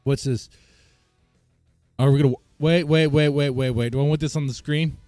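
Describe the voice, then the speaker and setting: A man's voice: fairly high pitch, steady tone, moderate pace, darkish tone, no echo. A man streaming live, reacting with bemused chatter to his viewers and stammering when surprised. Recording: dry close mic with faint guitar music.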